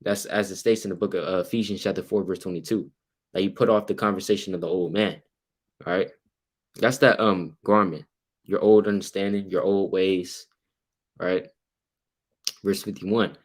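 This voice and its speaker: A man with a low voice leads an informal Bible study from his computer. He reads verses aloud and explains them in plain everyday speech, with frequent "right?" checks. Now and then he jumps higher and louder to act out the people in the story. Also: fairly even intonation, moderate pace, pauses often. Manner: keeps asking "right?" while reading and explaining verses; acts out quoted people with sudden louder, higher bursts. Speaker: Bible teacher. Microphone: computer mic while sharing his screen.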